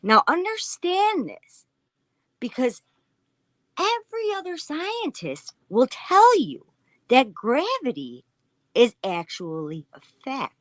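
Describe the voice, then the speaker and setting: A preachy man lectures in slow, insistent bursts, as a woman imitates him. The pitch swings widely and the sound is dry and close. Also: wildly swooping pitch, no echo, exaggerated voice. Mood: lecturing.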